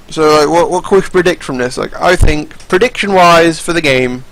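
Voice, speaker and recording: Over game footage, a young fighting game commentator rambles and curses, often starting his sentences over. His voice is a little high and fairly bright at a moderate pace, on a low-quality recording with slight background noise.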